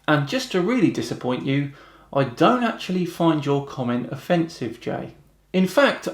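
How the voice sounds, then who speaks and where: A British man hosting a video, reading out rude comments and answering them with dry, deadpan mockery. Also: a little high, roomy sound. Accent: British English. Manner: dry, mocking, deadpan retorts. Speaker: host.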